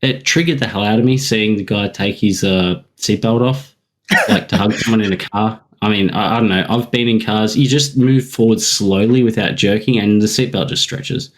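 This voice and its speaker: A man's voice: lowish voice, normal speed. A man in a casual comic chat, joking and sarcastic. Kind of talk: casual chat about a webcomic.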